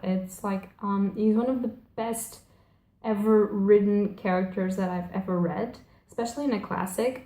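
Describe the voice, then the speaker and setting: Rambling young woman in an echoey room. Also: medium pitch. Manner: rambling, gushing, self-correcting, frequent fillers. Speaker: book vlogger. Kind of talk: casual chat.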